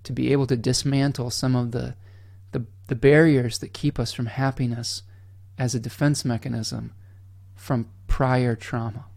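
A man's voice: medium pitch, flat delivery, unhurried, creaky, no echo, studio quality. A man hosting an astrology livestream, talking earnestly and candidly, often checking in with his listeners. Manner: candid and blunt, drops mild swears; emotional, softening to near-whisper at times. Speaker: astrology channel host.

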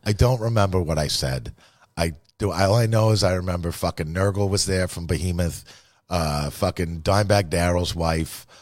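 A man's voice: sits low, normal speed, dry recording, clean studio sound. A man telling a rambling, profane, self-deprecating story in casual podcast talk.

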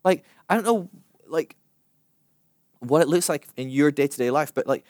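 A man's voice: on the high side, normal speed, no echo. Chatty man teaching in a dry room. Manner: chatty, animated, full of fillers and acted-out quotes. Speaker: preacher. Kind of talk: casual teaching talk.

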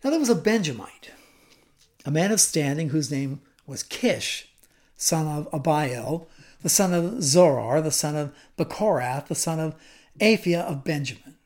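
A male preacher retells a story during a sermon in an animated way. He adds humorous asides and lets his delivery swing between hushed and emphatic. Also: a little high, measured pace.

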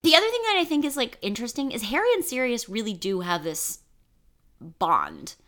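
A woman co-hosting a podcast in casual chat, talking fast and loosely with lots of fillers. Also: on the high side, wildly swooping pitch, bright, forceful tone. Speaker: podcast host.

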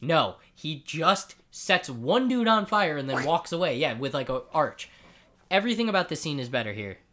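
A man hosting a casual comic book chat, recapping scenes in an animated way and acting out the characters, with frequent swearing and jokes. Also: on the high side, moderate pace. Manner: animated storyteller who acts out scenes; profane, joking. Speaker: comic book podcast co-host.

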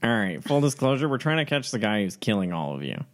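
A man's voice: fairly low pitch, big pitch swings, fast. A man, a player in a tabletop game role-play, speaking in a wry, blunt way.

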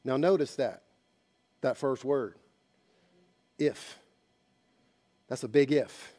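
A man preaching a sermon, telling a story dramatically and moving between hushed passages and loud ones. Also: medium pitch, slow. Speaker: pastor.

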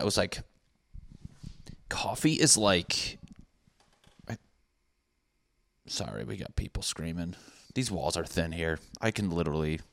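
A man's voice: deep voice, fairly bright tone, no echo. A man hosting a casual solo podcast from his apartment, talking in a rambling, profane, jokey way and wandering off on tangents. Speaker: podcast host. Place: apartment room with thin walls.

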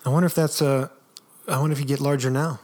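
A man with a reedy voice co-hosting a podcast, telling stories in a wry, animated way. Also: medium pitch, fast. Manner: wry, animated storytelling with frequent laughs. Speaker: podcast co-host. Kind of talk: casual chat.

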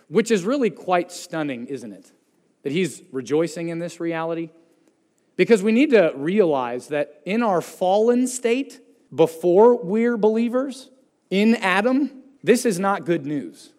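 Man preaching in a reverberant church hall. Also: a little mellow. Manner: earnest preaching, rises for emphasis and drops low to close points. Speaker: pastor. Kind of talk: sermon.

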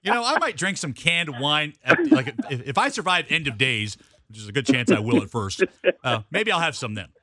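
A teasing male radio co-host who talks fast with a very bright, forceful edge. His pitch runs high and lively, and the sound is dry and close. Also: dry recording. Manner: teasing, quick, playful. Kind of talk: casual radio chat.

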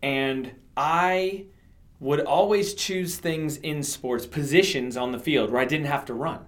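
A man's voice: on the high side, measured pace. Enthusiastic man telling a personal story. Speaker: podcast co-host. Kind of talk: casual faith chat, storytelling.

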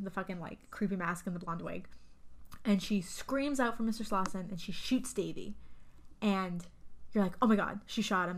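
Rambling, cussing woman recapping a film. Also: mid-range voice. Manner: rambling, profane, lots of fillers. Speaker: podcast co-host. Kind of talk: casual horror movie recap.

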